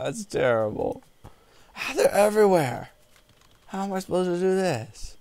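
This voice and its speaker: A man giving jokey, rambling let's-play commentary on a video game, with sudden whoops and yells. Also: sits high, sing-song, moderate pace, no echo. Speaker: gaming video host.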